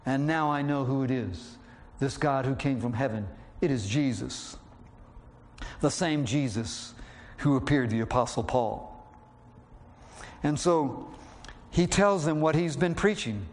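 A man preaching a sermon, slowing down to read scripture aloud and raising his voice to act out the quoted lines. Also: medium pitch. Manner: acts out quotes with raised voice; slows down when reading scripture.

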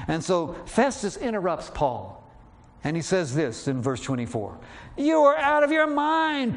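A man preaching a sermon, slowing down to read scripture aloud and raising his voice to act out the quoted lines. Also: mid-range voice, darkish tone. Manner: acts out quotes with raised voice; slows down when reading scripture.

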